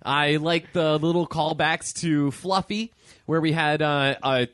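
A man co-hosting a podcast, talking excitedly about horror shows, swearing and acting mock-annoyed. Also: on the high side, unhurried, smooth, no echo, studio quality. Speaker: podcast co-host. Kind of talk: casual banter about movies and TV.

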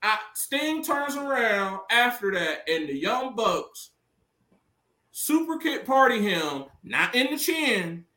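A high-pitched man with a lively, swooping delivery runs a casual wrestling podcast chat. He tells stories with cursing and loud acted-out quotes. His bright, forceful voice rings in an echoey room. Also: slow pace. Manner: animated storytelling, profane, mimics quotes loudly. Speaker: podcast co-host.

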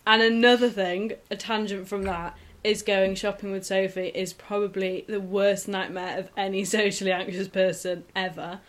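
A woman's voice: medium pitch, level tone. A young woman, chatting and telling stories to her best friend on a casual podcast, often giggling. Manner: rambling, giggly, quick storytelling with acted quotes. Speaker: podcast co-host.

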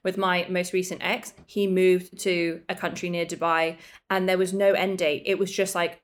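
A woman's voice: on the low side, fairly even intonation. A young woman co-hosting a podcast, talking in a chatty, open way about relationships. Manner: chatty, emotional, quick asides. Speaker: podcast co-host. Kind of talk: casual chat.

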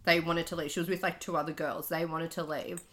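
A young woman with a slightly low voice, chatting on a friend's podcast. She chimes in with short, casual additions to the story. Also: level tone, fast talker, fairly bright tone. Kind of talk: casual chat.

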